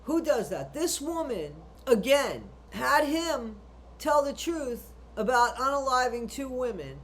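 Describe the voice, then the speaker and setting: A woman's voice: high voice, lively intonation, takes it slowly, fairly bright tone. A woman giving blunt, indignant true crime commentary, swearing freely as she rants. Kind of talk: ranting commentary.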